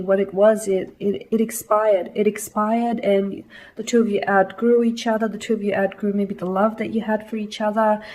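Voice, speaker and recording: A woman's voice: mid-range voice, a little mellow, rough recording. A woman giving a casual tarot reading to her viewers, reassuring and repeating that she feels and sees things in the cards. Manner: reassuring, repeating "I feel like" and "I'm seeing". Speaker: tarot reader.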